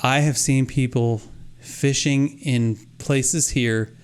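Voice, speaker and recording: A man co-hosting a podcast, telling stories in a casual, animated, mock-exasperated way. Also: medium pitch, slow, clear, resonant tone. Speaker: podcast co-host. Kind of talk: casual chat. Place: Florida.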